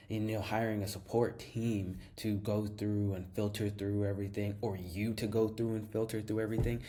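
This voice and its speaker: A man with a low, deep voice guides viewers through a software demo in a casual, upbeat way. His tone is mellow and relaxed, and he leans on fillers and restarts as he explains each step. He sounds like he is talking into a desk mic while sharing his screen. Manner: enthusiastic, fills with "like" and repeats himself. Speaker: tutorial host. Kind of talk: casual screen-share tutorial.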